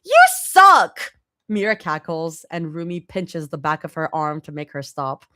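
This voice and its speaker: A woman's voice: low-pitched, moderate pace, fairly bright tone, no room sound, clean studio sound. Casual young woman reading fanfic aloud. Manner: casual, laughs and reacts while reading. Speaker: fanfic reader.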